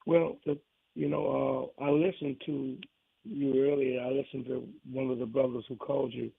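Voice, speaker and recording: A man's voice: medium pitch, level tone, normal speed, creaky, slightly rough, no echo. A man from New Orleans with a New Orleans accent, calling into a radio show and talking in a rambling, folksy way with many restarts. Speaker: caller. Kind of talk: call-in radio chat. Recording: tinny phone line.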